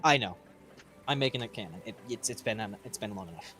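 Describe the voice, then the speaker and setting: A man's voice: on the low side, expressive, fast, bright, forceful tone, faint music behind. A man running a tabletop game as game master, casual and laughing, with frequent swearing.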